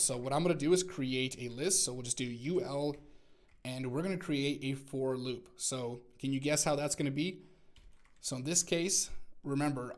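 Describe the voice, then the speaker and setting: Man, coding tutorial, step-by-step, self-correcting, keys clacking behind. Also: mid-range voice. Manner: talks through typing step by step, self-correcting. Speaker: programming instructor.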